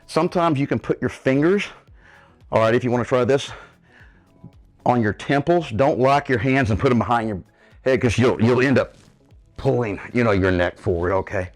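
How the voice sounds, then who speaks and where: Soft music plays behind a medium-pitched man speaking at normal speed with frequent pauses. He's a fitness coach in his fifties leading a living-room workout at home, breathing hard as he demonstrates and coaches viewers with "okay, guys?"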